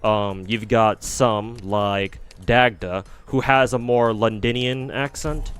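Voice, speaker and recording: A man's voice: on the low side, steady tone, slow, fairly bright tone, smooth. A man streaming a game, rambling through casual commentary with frequent swearing. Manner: rambling, profane.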